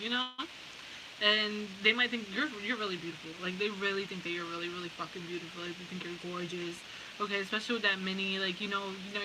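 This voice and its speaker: A woman giving a casual pick-a-card tarot reading. She talks bluntly, swears freely and often breaks into laughter. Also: medium pitch. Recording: steady background hiss.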